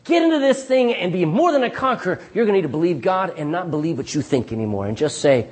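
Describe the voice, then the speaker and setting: A middle-aged man preaches a sermon in a fairly high voice that leaps widely in pitch as he tells his stories. His tone is husky throughout. He keeps checking in with the congregation with a questioning "Amen?". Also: quick pace. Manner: calls out "Amen?" to the congregation, lively storytelling with restarts. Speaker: pastor.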